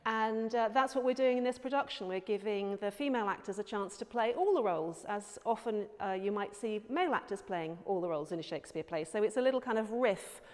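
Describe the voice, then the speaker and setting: An older woman speaking in a documentary interview, measured and reflective, as a theatre director. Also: mid-range voice. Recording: long reverberant hall sound.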